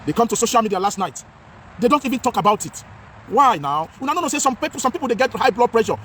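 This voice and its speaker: A man's voice: extremely high pitch, lively intonation, quick pace, fairly bright tone, slight background noise. A Nigerian man vlogging outdoors in English mixed with Pidgin, speaking with passion and a lot of repetition. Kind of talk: outdoor talking-head vlog.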